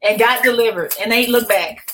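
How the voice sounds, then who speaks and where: A middle-aged woman pastor, a podcast guest, telling a personal testimony in an animated, emotional way, often restarting her sentences. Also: a little high, normal speed, a little hiss or hum, poor audio.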